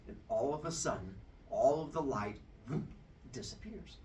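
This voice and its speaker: A man telling a myth as a comic story, animated and jokey, acting out each character. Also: medium pitch, moderate pace. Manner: animated, jokey, acts out every voice. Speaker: podcast storyteller. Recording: distant mic with faint noise.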